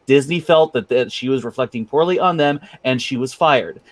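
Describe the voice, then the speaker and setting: A man with a mid-range voice explains things in a calm, measured way on a casual podcast panel. The sound is dry and close, with no room echo. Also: mid-range voice. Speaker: podcast co-host.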